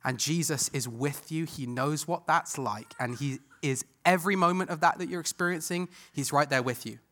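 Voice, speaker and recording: A male pastor delivering a sermon with a bright, forceful tone and a voice pitched a little high for a man. He talks earnestly, pushing some phrases out loudly and dropping others to a near hush. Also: moderate pace. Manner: earnest, swings from loud emphasis to hushed tenderness.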